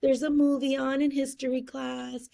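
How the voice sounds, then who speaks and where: High-pitched lady with a bit of fry, telling her story on an interview, doing all the voices, laughs a lot. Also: moderate pace. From California, USA. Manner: animated storyteller who acts out quotes and laughs often. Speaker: interview guest.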